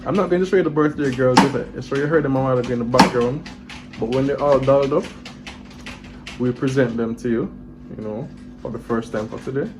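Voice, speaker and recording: A man's voice: mid-range voice, brisk, rough recording. A middle-aged Jamaican man hosting a family vlog, speaking in a heartfelt, preachy way and stumbling over repeated words. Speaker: vlog host, father. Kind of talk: casual vlog with a devotional message. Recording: guitar music playing behind him.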